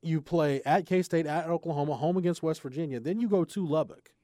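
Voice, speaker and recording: Male sports reporter, measured, a touch high-pitched, dry close sound, lays out rankings in order. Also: no echo. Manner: measured, lays out points in order, drops low and quiet when making a case. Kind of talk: casual sports chat.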